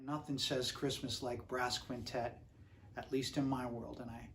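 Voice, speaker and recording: A man's voice: mid-range voice, flat delivery, unhurried, slight background noise. A middle-aged man from Pennsylvania hosting a concert show, telling a rambling story with lots of fillers. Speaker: host and trumpet player. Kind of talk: casual spoken introduction at a livestreamed concert.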